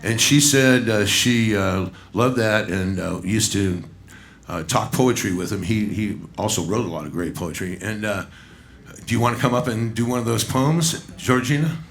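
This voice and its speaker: A man's voice: on the low side, moderate pace. Easygoing man emceeing a pub show. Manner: loose, coaxing, chatty with the crowd. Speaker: bandleader and emcee. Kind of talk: live stage emcee. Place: small pub stage.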